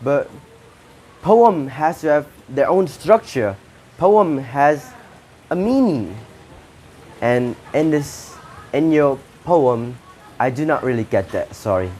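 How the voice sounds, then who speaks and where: A man with an Indonesian accent talks through his verdicts on a poetry contest. He speaks slowly, in short halting phrases with pauses and restarts. A faint hum sits under his voice. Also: medium pitch, animated, warm tone. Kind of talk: spoken feedback to contestants.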